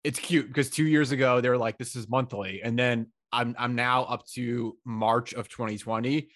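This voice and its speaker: A man's voice: mid-range voice, level tone, moderate pace, fairly bright tone, dry recording, clean studio sound. A man co-hosting a podcast in casual chat, telling stories with lots of fillers and quoted asides. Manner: chatty, filler-heavy, storytelling with quoted asides. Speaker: podcast co-host.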